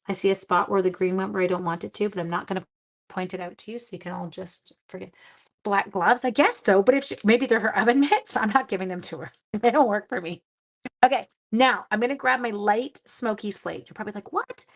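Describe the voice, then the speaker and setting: Middle-aged woman, craft livestream host, chatty and self-deprecating, a bit of vocal fry, mid-range pitch. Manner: chatty, self-deprecating, greets viewers by name. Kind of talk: casual livestream crafting demo.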